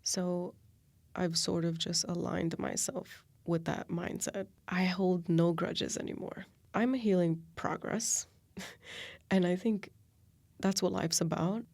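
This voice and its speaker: A woman in her late twenties hosting a reflective solo podcast, talking softly and confessionally and often sinking into a whisper. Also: on the low side, steady tone, slow, vocal fry, dry recording. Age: 20s. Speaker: podcast host.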